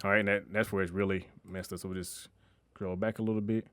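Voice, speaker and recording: Fast-talking young man explaining mixing. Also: sits low, little pitch movement, a bit bright, no echo. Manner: loose and conversational, with slang and restarts. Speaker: music production tutor. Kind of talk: casual screen-recorded tutorial.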